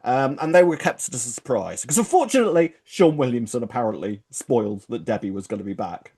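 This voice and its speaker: A man of middling pitch co-hosts a relaxed chat show. He talks chattily, gushes as a fan, and laughs easily. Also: a little fast, slightly rough. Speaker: podcast co-host. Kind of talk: casual chat.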